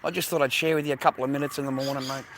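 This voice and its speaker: A man's voice: medium pitch, fairly even intonation, racing, background noise. Swearing Australian man rambling outdoors. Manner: profane, rambling, slangy, repeats himself. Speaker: vlogger. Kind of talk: rambling casual monologue to camera. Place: outdoors by water with ducks.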